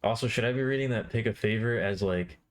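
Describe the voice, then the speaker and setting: A man with a fairly low voice chats on a live art stream. His talk is loose and rambling, with playful asides to his viewers as he works. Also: fast talker. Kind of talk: casual live-stream chat.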